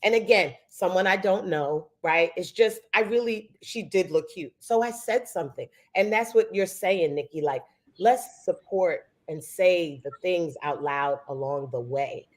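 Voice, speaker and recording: A woman from the Bronx, a co-host, telling a personal story in a lively way and raising her voice when she quotes people. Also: fairly low pitch, unhurried. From the Bronx, New York. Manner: animated storyteller, quotes others in a raised voice. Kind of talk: casual chat, telling a story.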